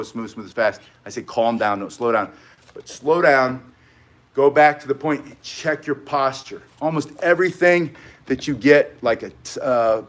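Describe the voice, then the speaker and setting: A middle-aged man teaching martial arts in a casual live tutorial, chatting with viewers and wandering off on tangents. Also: on the high side. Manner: rambling, chatty, goes off on tangents.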